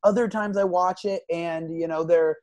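A co-host in a casual film discussion who speaks enthusiastically but haltingly, full of fillers and restarts. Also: mid-range voice, steady tone, darkish tone, dull audio.

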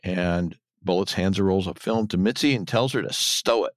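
A man's voice: low-pitched, normal speed, dry recording. Male podcast co-host, casual recap voice, dry close-mic sound. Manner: retells scenes, mimics characters in a raised voice. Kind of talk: casual episode recap chat.

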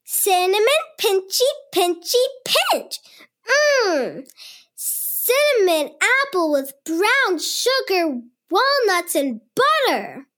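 A woman's voice: extremely high pitch, sing-song, slow pace, fairly bright tone, full character voice. A woman voicing an eager, cheerful, curious little girl in a children's cartoon. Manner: eager and bubbly.

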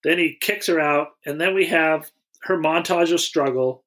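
A man co-hosting a podcast, recapping a movie plot in casual chat with a wry, deadpan humor. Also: fairly high pitch, normal speed. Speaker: podcast co-host.

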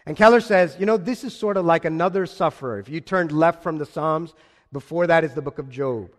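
Male pastor, higher voice, impassioned sermon with emphatic repetition; long hall reverb. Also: brisk.

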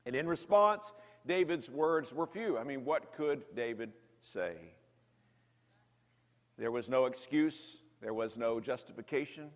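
A man preaching a sermon, telling a story dramatically, rising to loud intensity and dropping to hushed, slow lows. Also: expressive, big-room sound.

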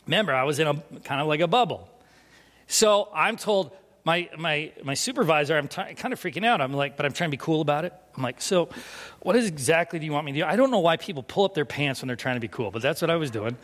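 A man preaching a sermon through a lively personal story, self-mocking and laughing often. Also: on the high side, fast talker. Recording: long reverb of a large hall.

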